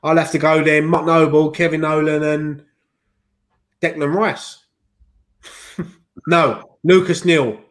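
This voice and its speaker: Man, fan show host, jokey casual banter, reads viewer messages, slightly high voice. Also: flat delivery, takes it slowly, pauses often. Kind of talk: casual pub-style banter.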